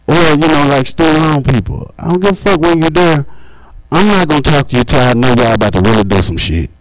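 A man, doing a profane stand-up set at an open mic, jumping up in pitch and volume on punchlines. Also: expressive, fast, no room sound, rough recording. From Mississippi. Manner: profane, swings high and loud for punchlines. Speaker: stand-up comedian.

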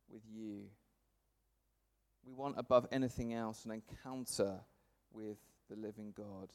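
A man, preaching a sermon to a congregation, punching words loudly then letting phrase ends fall soft. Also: medium pitch. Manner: lively, swings from loud emphasis to soft trailing phrase ends. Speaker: pastor. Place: church service before a congregation.

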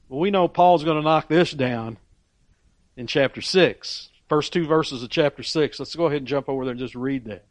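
A male preacher with a fairly high voice, delivering a sermon in an emphatic way. He swings from loud peaks down to quiet asides and often restarts his phrases. The sound is dry and close. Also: normal speed, no room sound.

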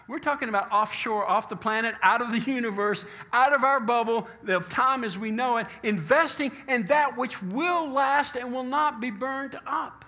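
Emphatic man preacher with a bright, forward voice, slows for scripture. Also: sits high. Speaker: pastor. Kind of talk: sermon.

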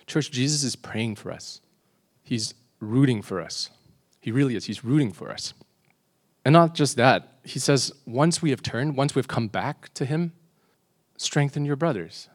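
Man preaching a sermon, mid-range voice, confessional and questioning, softens and slows for weighty moments. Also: medium pitch, lively intonation. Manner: confessional, rhetorical questions to the congregation; slows and drops his voice on solemn points.

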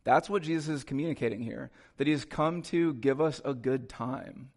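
A male pastor preaching a sermon in a conversational way, with quick asides to the congregation in a church. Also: mid-range voice, darkish tone. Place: church sanctuary.

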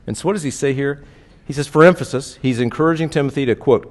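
A male pastor preaching a sermon, moving between hushed reflection and rising fervent exhortation. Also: a little high, animated, fast. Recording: long hall reverb.

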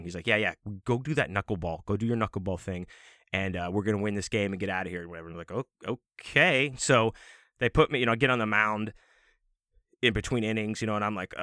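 A man's voice: on the low side, pushed and bright, dry recording, studio quality. A man hosting his own show, telling a rambling, profane, self-mocking story in a casual monologue. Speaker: podcast host.

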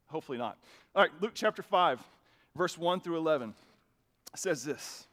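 A man's voice: a little high, fairly quick, fairly bright tone. A male pastor giving a sermon in a conversational preaching style that builds to emphatic bursts, speaking into a microphone in a church. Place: church sanctuary with a sound system.

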